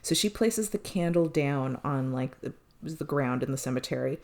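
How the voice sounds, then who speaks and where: Low-voiced woman recapping an episode. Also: moderate pace. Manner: animated retelling, quotes characters, swears freely. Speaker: podcast co-host recapping an episode. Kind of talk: casual chat.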